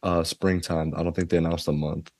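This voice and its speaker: A man hosting a podcast in loose, slangy casual chat, excitable and quick to laugh. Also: sits low, no room sound. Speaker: podcast host. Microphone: desk mic.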